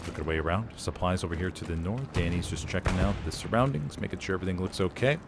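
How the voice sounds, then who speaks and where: A man giving energetic, jokey play-by-play commentary on a competitive war video game, drifting into rambling asides. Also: low voice, fast talker, noisy background. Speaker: esports caster.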